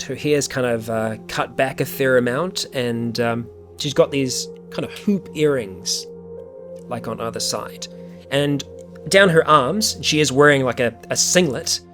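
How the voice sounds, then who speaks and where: Rambling man narrating as game master. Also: a little high. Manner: rambling descriptions full of "like" and "kinda".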